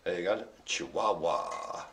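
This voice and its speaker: A man calls bingo for a live online audience, breaking off into rambling jokes between calls. His voice is bright and forward, and his pitch swings up and down a lot as he talks. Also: huge pitch swings, unhurried, creaky, slight background noise. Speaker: bingo host. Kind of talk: live-streamed bingo calling with banter.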